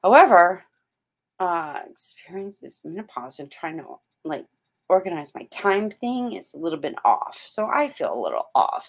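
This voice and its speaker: A woman's voice: lowish voice, very animated, moderate pace. A middle-aged woman hosting a motivational vlog, speaking emphatically and repeating her points like a pep talk. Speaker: motivational host.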